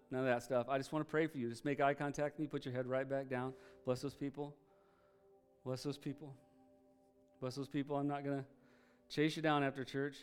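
Male pastor, mid-range voice, smooth and resonant, emphatic church sermon delivery. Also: medium pitch. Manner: emphatic preaching, rising to loud peaks then dropping to soft prayer.

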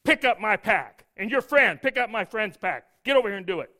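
A preacher playing a harsh Roman soldier who barks orders at a bystander. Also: male voice, high-pitched, animated, brisk, bright, forceful tone, voice pushed up. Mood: commanding. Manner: barking orders.

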